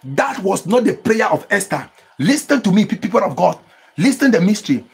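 A male pastor with a high voice preaches fervently and very animatedly at a fairly quick clip, his speech carrying vocal fry and a breathy edge. He urges his listeners to respond and erupts into tongues in between.

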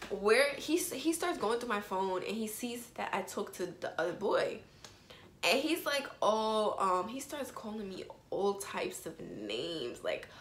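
A young woman tells a story to her viewers in a loose, chatty way, full of quick asides. Her voice sits in a middle range. The room is echoey, with a faint hum behind her. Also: medium pitch, fairly bright tone. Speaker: vlogger. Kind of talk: storytime vlog, casual chat.

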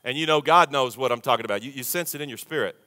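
Man, pastor, conversational sermon, bright voice, reverberant hall. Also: medium pitch, rapid-fire. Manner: folksy, conversational preaching with audience call-and-response. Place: large church sanctuary. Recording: long reverb of a big church hall.

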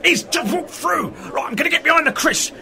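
Man playing a high, lively, evasive sitcom schemer; noisy radio comedy recording. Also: fairly quick, vocal fry, exaggerated voice. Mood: flustered. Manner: evasive, stammering, pushy. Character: Sid, shifty scheming older man. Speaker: sitcom character. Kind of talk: amateur radio comedy acting.

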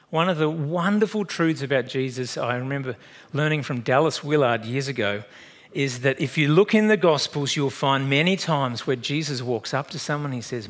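A man preaching a sermon in a conversational, animated way, acting out little dialogues and turning emotional at times. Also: medium pitch. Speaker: pastor. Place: church.

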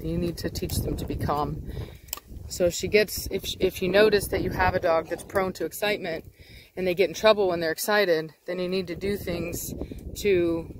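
A woman hosting a casual dog vlog outdoors. She explains training in a chatty way and switches to coaxing baby talk and sharp commands for her dogs. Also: lowish voice, background noise. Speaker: dog breeder and channel host.

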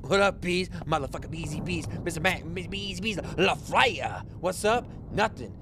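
A man's voice: high voice, expressive, normal speed, hardly any pauses, loud music behind the voice. A man streaming a horror game, panicky and frantic, swearing as he reacts. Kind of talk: live horror game commentary.

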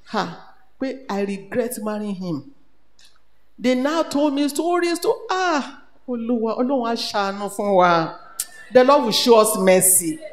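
Nigerian woman preacher, animated sermon, echoey hall, long reverb. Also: fairly high pitch, moderate pace. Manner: animated, switches between English, Pidgin and Yoruba. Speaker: retreat speaker.

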